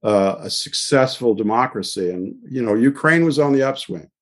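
A man on a policy panel who speaks haltingly, with many pauses and fillers. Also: mid-range voice, expressive.

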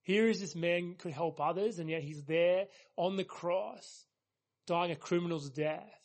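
High-voiced man preaching earnestly. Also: measured pace. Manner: earnest, emphatic preaching with repeated phrases. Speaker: pastor. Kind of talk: sermon.

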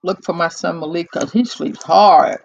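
A host of a live call-in talk show chatting casually into a close microphone, unhurried and musing, with many pauses and fillers. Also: medium pitch, creaky, lo-fi sound.

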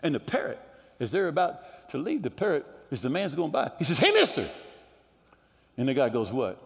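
A male pastor preaching a fervent sermon, rising to shouts at times. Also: on the high side, lively intonation, a little fast, gravelly. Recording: echoey hall reverb.

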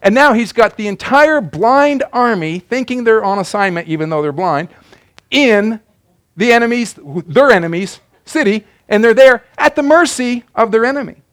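Brief: male pastor, high voice, emphatic sermon with hushed asides. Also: animated, moderate pace. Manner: emphatic preaching, swings between loud declarations and quiet asides.

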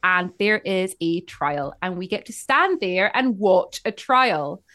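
A woman co-hosting a podcast, telling a story in an animated, casual way and acting out the people she quotes. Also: lowish voice, slow pace. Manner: animated, acts out quoted characters. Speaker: podcast co-host.

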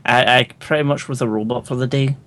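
A man's voice: medium pitch, fairly even intonation, fast, a crowd in the background. A man with a British accent co-hosting a casual online chat, easygoing and wry. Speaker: podcast co-host.

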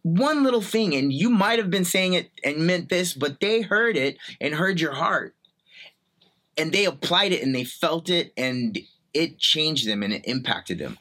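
A man hosting a podcast with a bright, forward voice. He asks his guest questions in a warm-hearted, encouraging way, keeping the chat loose and casual. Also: a little high, lively intonation, unhurried. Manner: encouraging, friendly interviewer. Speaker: podcast host. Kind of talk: casual interview.

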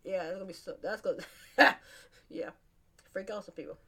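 A woman's voice: mid-range voice, moderate pace, sharp tone, breathy edge. A woman hosting her podcast, chatting casually, rambling and laughing often. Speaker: podcast host. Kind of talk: casual solo chat.

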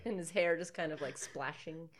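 A woman's voice: deep voice, normal speed, a crowd in the background. A woman co-hosting a podcast, chatting casually while watching a movie, joking, swearing and laughing often. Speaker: podcast co-host.

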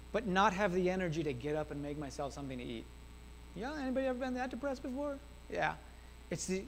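A man preaching a sermon, talking straight to the congregation in an animated, conversational way. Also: high-pitched, slight background noise. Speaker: pastor. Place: church sanctuary. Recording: long hall reverb.

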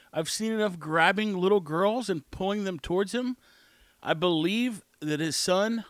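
A man's voice: high voice, fairly bright tone, dry recording. A man hosting his own show, rambling through an opinionated casual monologue. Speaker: podcast host.

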